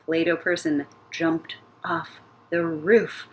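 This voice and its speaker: A woman leads a music lesson for young children, drawing out her words at an easy, unhurried pace. Her pitch swoops up and down in a lively, sing-song way, and she breaks into playful sound effects as she guides the class. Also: a little hiss or hum. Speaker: elementary music teacher.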